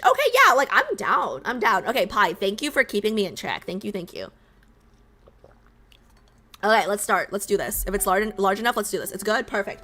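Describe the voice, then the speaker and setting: A woman streamer chatting casually with her viewers, self-mocking and repeating phrases as she goes, her voice a little raspy. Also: mid-range voice, pushed and bright. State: slightly raspy voice.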